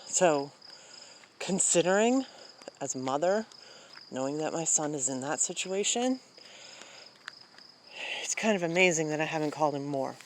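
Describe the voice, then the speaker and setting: A woman's voice: low voice, animated, moderate pace, long pauses, slight background noise. A woman talking casually while walking outdoors at night, rambling with many fillers and sighs. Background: crickets and insects.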